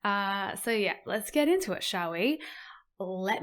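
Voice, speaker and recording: A woman hosts a podcast, chatting casually and animatedly with her listeners. Her voice sits at a middle pitch. When she reads articles aloud, she slips into a mock newsreader delivery. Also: a little slow. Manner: chatty, animated, laughs easily. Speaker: podcast host. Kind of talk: casual podcast chat and reading news articles.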